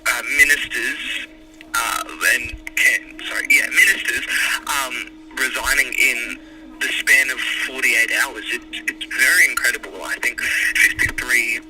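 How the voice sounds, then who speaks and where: Australian male reporter phoning in, unsure delivery, distant, music clearly under. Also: mid-range voice, steady tone, a little slow, pushed and bright. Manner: hesitant, searching for words. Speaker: political reporter. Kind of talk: phoned-in news report.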